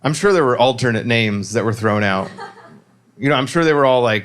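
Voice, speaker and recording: A man doing a stand-up comedy set, rambling through stories with self-deprecating asides and sudden loud punchlines, on a handheld mic in a comedy club. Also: mid-range voice, quick pace, slight background noise.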